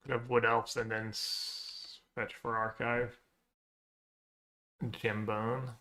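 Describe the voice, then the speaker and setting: A man's voice: medium pitch, flat delivery, takes it slowly, bright, forceful tone. A man streaming a card game, thinking aloud about his plays and chatting with viewers in a casual, muttering way. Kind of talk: casual stream commentary while playing.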